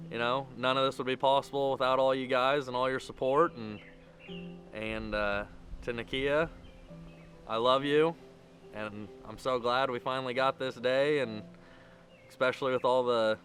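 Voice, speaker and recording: A young groom with a somewhat bright, mid-range voice shares how he proposed and follows with a wedding toast. It's casual and rambling, one run-on thread tied together by many "and"s.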